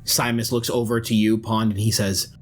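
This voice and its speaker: A man narrating a tabletop role-playing game as its game master, in a measured, descriptive way. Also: fairly low pitch, little pitch movement, soft background music.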